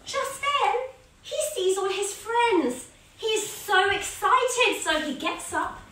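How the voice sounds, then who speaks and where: A woman guides a children's yoga story in an animated, sing-song voice full of encouragement. Her voice is bright and clear. It rings in a very echoey room, picked up from some distance off the mic. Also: very high voice, slow pace. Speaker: kids yoga teacher.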